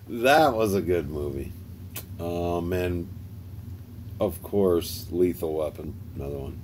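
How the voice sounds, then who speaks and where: Older male streamer, deep and slow, rambling and chuckly; faint noise in the room. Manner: rambling, laughs often, talks to chat by name. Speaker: livestream host. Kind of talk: casual chat with viewers.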